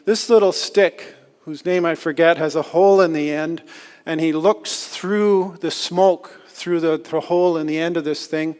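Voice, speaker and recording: Male speaker, slightly high voice, self-deprecating storyteller, long hall reverb. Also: steady tone, a little slow, a little mellow, clean tone. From Canada. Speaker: conference speaker. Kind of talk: storytelling talk. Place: lecture hall.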